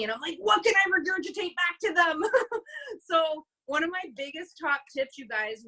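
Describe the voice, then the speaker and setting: A young woman on a video call, sharing sales tips in an emphatic, animated way, full of fillers like "you guys". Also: sits high, rough recording. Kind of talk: animated motivational talk. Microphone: computer mic on a video call.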